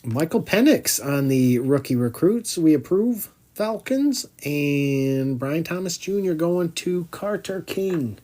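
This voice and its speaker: A man's voice: a little high, lively intonation, slow, few pauses, mellow. A man hosting a live card break, chatting as he calls out each card and groaning when a pack comes up empty.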